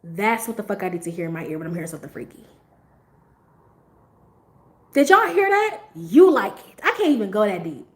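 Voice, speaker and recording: A woman's voice: mid-range voice, very animated, fast, very noisy. A young woman hosting a livestream, chatting casually to her viewers, blunt and profane and laughing often. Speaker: livestream host.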